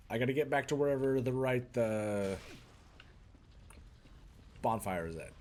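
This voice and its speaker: A man's voice: medium pitch, expressive, unhurried, pauses often, darkish tone, a little hiss or hum. A man streaming a video game live in a put-on Boston and New York accent, chatting with his viewers and tossing out mock-tough asides as he plays. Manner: chatty, talks to chat while playing, mock-tough asides. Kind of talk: live gaming commentary.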